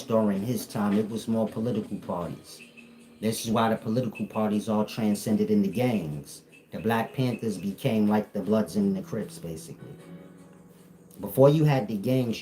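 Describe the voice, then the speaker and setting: A man's voice: fairly low pitch, dark tone. A man with an African American Vernacular English accent, speaking as a spiritual teacher to a live audience, blunt, profane and joking.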